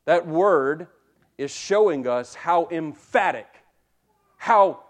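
Speaking a little high with lively intonation and a slow pace, this preacher addresses the congregation head-on. He swings from hushed to loud, emphatic throughout, and repeats words to build his point.

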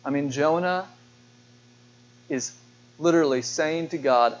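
A man's voice: mid-range voice, steady tone, measured pace, long pauses, a little hiss or hum. A man preaching a sermon to his church. He speaks earnestly, poses questions to the congregation and often repeats words. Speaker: pastor. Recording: dull lo-fi sermon recording.

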